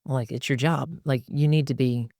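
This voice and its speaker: A middle-pitched man speaks as a pastor in a relaxed podcast chat. He talks with emphasis and slips into quick voices for the people he quotes. The sound is dry and close, with no room echo. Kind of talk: conversational podcast discussion.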